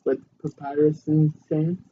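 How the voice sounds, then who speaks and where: A young man chatting casually on a podcast, his voice sitting a little high. He rambles easily with plenty of fillers. The recording is dull and lo-fi, with faint noise. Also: level tone, unhurried. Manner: rambling, easygoing, hesitant fillers. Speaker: podcast co-host.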